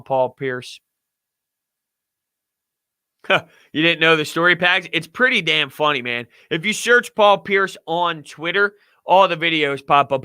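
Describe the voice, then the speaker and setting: Young guy ranting about sports on his show, joking around, tense sharp voice, really crisp. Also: high-pitched, no room sound. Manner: joking, ranting, laughs often. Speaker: podcast host. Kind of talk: casual sports talk.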